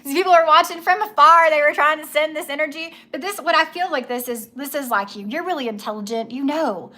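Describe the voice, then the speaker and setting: A woman's voice: sits high, fairly quick, bright, forceful tone. A young woman giving a casual tarot reading, chatty and emphatic, with slangy asides and repeated key words. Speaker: tarot reader.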